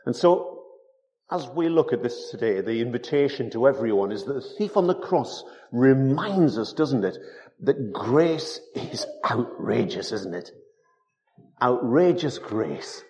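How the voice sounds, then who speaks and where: A man's voice: mid-range voice, animated, unhurried, dark tone, highs cut off. A man preaching a sermon, emphatic and full of rhetorical tag questions.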